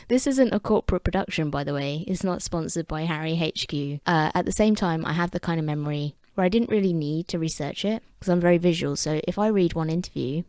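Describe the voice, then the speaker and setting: A woman's voice: sits low, brisk, hardly any pauses, darkish tone, no room sound. A woman with an English accent talking to camera in a wry, chatty vlog with self-deprecating asides. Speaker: vlogger. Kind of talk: casual talking-head commentary.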